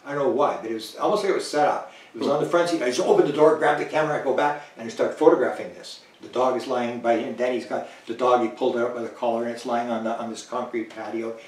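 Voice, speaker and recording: A man guest in an interview telling a long anecdote in a lively way, acting out the lines of people he quotes and chuckling now and then. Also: mid-range voice, fast talker. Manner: animated, chuckling, acts out quoted dialogue. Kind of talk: anecdotal storytelling in conversation. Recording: roomy, distant mic.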